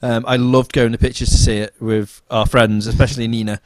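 Enthusiastic, swearing podcast co-host. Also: male voice, mid-range voice, flat delivery, a little fast, a little hiss or hum. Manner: enthusiastic, swears freely, repeats words. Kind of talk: casual chat.

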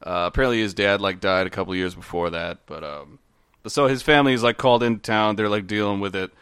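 Casting note: podcast host, low smooth male voice, rambling storyteller, dry mic. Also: fast talker, a bit bright, dry recording. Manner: rambling, many fillers and restarts. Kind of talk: casual storytelling chat.

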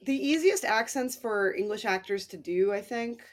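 A podcast co-host with a mid-range, expressive voice talks about films at a normal speed. Her casual chat is wry and self-deprecating, with plenty of swearing.

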